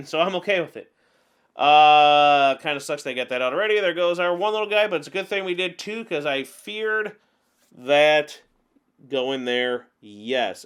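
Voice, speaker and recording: Man, gameplay commentary, slightly high voice, chatty, animated venting. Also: clean tone. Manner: chatty, talks through his frustrations with animated outbursts. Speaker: gaming channel host.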